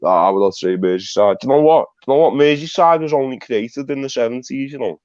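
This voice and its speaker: A man's voice: mid-range voice, fast talker, darkish tone, dry recording, lo-fi sound. A man with a Liverpool Scouse accent, talking bluntly and swearing as he jokes in a casual group chat over a video call. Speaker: panel guest.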